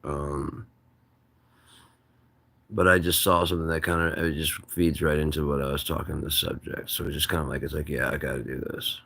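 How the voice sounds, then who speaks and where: Host type: man with an extremely deep, gravelly voice, loose and opinionated solo chat. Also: flat delivery, moderate pace, sharp tone. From United States. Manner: rambling, opinionated, restarts often. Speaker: channel host. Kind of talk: casual monologue to camera.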